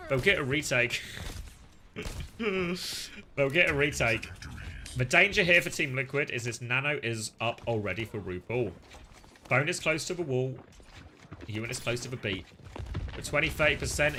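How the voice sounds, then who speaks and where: A man casting live esports, shifting between excitable play-by-play and chatty analysis full of fillers. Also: medium pitch. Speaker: esports caster.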